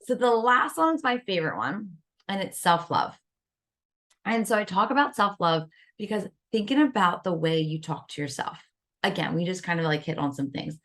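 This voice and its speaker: Lively woman coaching on self-love. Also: fairly low pitch, normal speed. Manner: animated, acts out inner voices. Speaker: guest wellness coach. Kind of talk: podcast interview.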